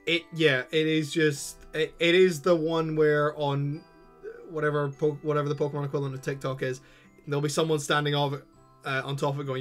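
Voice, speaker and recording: Joking man, fairly high voice. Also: little pitch movement, faint music behind. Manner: quick, joking, swears casually. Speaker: co-host. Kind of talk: casual livestream chat.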